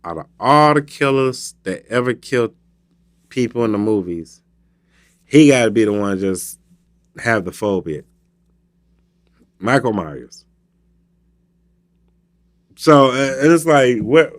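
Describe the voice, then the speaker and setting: A man's voice: mid-range voice, slow, pauses often. A man with a Southern American accent hosting a radio show, telling a casual, comedic story and acting out scenes as he goes. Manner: animated storytelling, acts out scenes.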